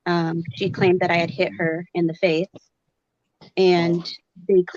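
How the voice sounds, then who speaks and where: A woman's voice: fairly low pitch, level tone, a little slow, darkish tone, muffled recording, slight background noise. A woman guest telling her own story with frequent hesitations and fillers.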